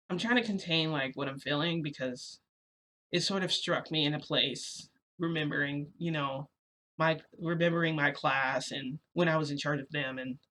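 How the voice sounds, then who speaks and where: A woman's voice: deep voice, a bit bright, slight background noise. A woman telling a story in a casual vlog, rambling and earnest, full of fillers and restarts. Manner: earnest, a little agitated.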